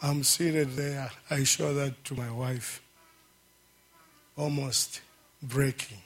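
A middle-aged man giving an emotional testimony at a church service, halting and fervent, breaking into praise. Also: medium pitch, steady tone.

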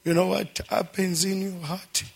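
Slow, fervent middle-aged man testifying in church. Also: high-pitched, little pitch movement, creaky, breathy edge. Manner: fervent, breaks into praise exclamations; emotional, slow and halting. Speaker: church member giving testimony. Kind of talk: emotional church testimony and prayer. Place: church service.

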